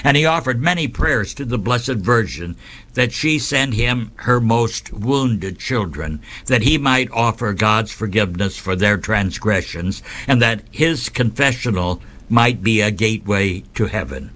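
A man hosting a radio program, reading a devotional story in a measured, reverent way. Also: fairly low pitch, expressive, a bit bright. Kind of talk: scripted devotional narration.

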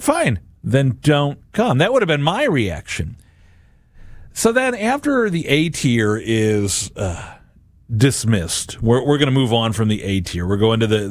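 A man with a lowish voice speaks at a moderate pace, recorded with no room sound. He hosts a Catholic radio and podcast show and delivers a homily-like reflection, animatedly acting out imagined voices.

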